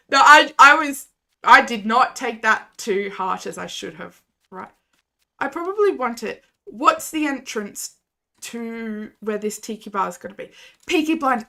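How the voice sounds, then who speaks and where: Aussie girl chatting away on her game stream, unhurried, giggly, all over the place, bright tone. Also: a little high, creaky. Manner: rambling, chatty, giggly asides to chat. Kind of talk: casual live-stream chat while playing. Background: faint game music.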